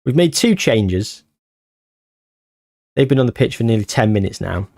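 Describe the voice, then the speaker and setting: A man commentating his football management game as he plays, anxious and short of breath, bursting into excited shouts at near misses. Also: mid-range voice, moderate pace, creaky, no room sound, clean studio sound. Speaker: gaming YouTuber.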